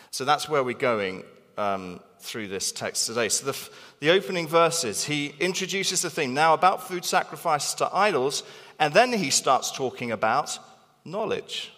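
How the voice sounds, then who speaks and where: A man preaching a sermon in a church hall, animated and emphatic, repeating phrases for stress. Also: medium pitch. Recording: long reverb of a large hall.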